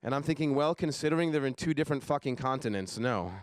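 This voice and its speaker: A young man performs a fast stand-up comedy set on a live stage, keeping it deadpan and dropping his voice low for asides.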